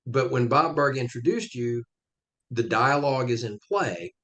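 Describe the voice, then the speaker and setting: A man's voice: mid-range voice, lively intonation, measured pace, fairly bright tone. A man, a guest on a podcast interview, explaining his points emphatically with step-by-step examples.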